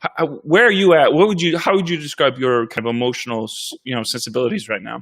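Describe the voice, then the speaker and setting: A man pastor in a casual church update chat, talking in a reflective, halting way with frequent restarts. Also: medium pitch, fairly even intonation, fairly bright tone. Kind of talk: casual conversation.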